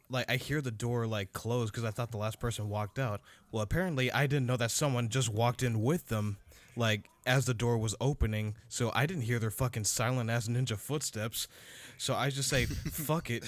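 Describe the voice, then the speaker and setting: Guy on a podcast rambling thru a gross bathroom story, mid pitch. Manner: rambling, crude, restarts a lot. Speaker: podcast host. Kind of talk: casual chat, telling a story.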